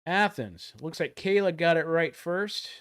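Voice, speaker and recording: A man's voice: on the high side, measured pace, clear, resonant tone, soft background music. Joking man hosting a livestream trivia game. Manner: jokey, animated, loud countdowns. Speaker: livestream host running a trivia giveaway. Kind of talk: casual livestream chat.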